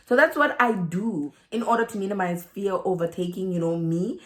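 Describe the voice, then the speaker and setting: A woman's voice: medium pitch, moderate pace, few pauses. A woman with a South African accent giving a motivational talk to her viewers. She laughs often and acts out the voices in her head. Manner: animated, laughs often, acts out inner dialogue. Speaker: relocation vlogger.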